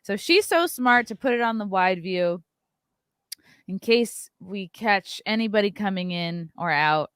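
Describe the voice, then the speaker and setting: A woman's voice: medium pitch, animated, unhurried, a bit bright, clean tone, no echo, studio quality. A woman hosting a casual commentary show, chatting loosely and swearing now and then while playing clips.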